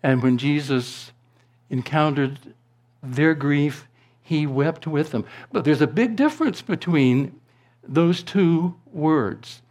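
A man preaching a sermon to his congregation, slow and deliberate, rising to emphatic proclamations and dropping to a hush. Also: medium pitch. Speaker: pastor.

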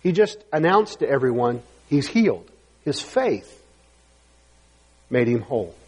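A man's voice: mid-range voice, big pitch swings, measured pace, husky. A man preaching a sermon emphatically in a church and reading scripture aloud. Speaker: pastor. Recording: long hall reverb.

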